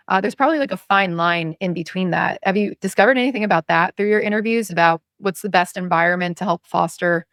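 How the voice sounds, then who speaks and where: Female host, low and gravelly, conversational questioner, dry close mic. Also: fairly bright tone, no echo. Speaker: podcast host. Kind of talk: interview conversation.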